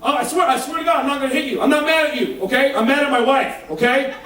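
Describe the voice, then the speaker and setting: Man voicing frantic pleading husband, raised pitch, distant echoey room. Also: fast, pushed and bright. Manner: pleading, insistent. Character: upset pleading husband, male adult. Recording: echoey hall from far off.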